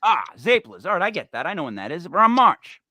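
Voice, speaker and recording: Male talk host, lively and bright, dry close sound, rambling and joking, high voice. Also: fast, no room sound. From Italian-American. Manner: animated, digressive, joking. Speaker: podcast host. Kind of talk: rambling comedic talk show chat.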